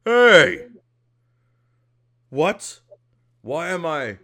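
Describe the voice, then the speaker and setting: Man doing a dazed ogre, shouting high and loud. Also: very animated, extremely slow, heavily acted. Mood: bewildered. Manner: shouting, bewildered. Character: confused angry male ogre waking up.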